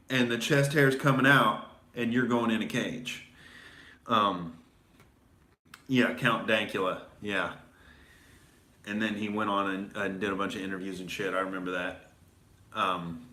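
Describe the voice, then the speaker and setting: A man's voice: on the low side, pushed and bright. A male comedian hosting a casual commentary show, rambling with fillers and restarts in a sarcastic tone. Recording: echoey room.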